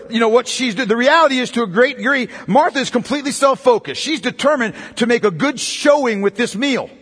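High, lively-voiced man preaching in an echoing hall. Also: husky. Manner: emphatic, repetitive preaching with rhetorical questions. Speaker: pastor. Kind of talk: sermon.

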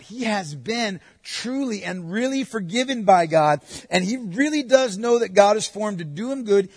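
A man with a husky, slightly high voice preaches a sermon, swinging between loud urging and hushed asides. His voice rings with a long reverb, as in a large hall. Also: clean studio sound.

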